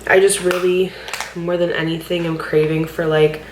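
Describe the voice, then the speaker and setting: A woman's voice: fairly low pitch, level tone, moderate pace, echoey room, noisy background. A woman vlogger rambling in a candid, frustrated vent at home, swearing often and filling with "like", sounding tearful and overwhelmed. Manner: rambling, frustrated, heavy swearing, many "like" fillers. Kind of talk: candid personal vlog venting.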